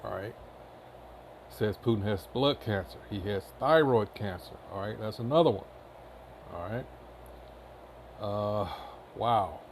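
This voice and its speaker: Gravelly low-voiced guy reading headlines off the screen, lots of uhs, noisy background hiss. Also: measured pace, pauses often. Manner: reads headlines aloud with filler uhs and asides. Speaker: commentary channel host. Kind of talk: casual commentary reading headlines.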